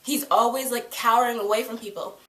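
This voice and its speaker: A woman giving a casual fan review of a TV episode, excitable and gushing, swearing freely. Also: on the high side, a little fast. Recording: echoey room.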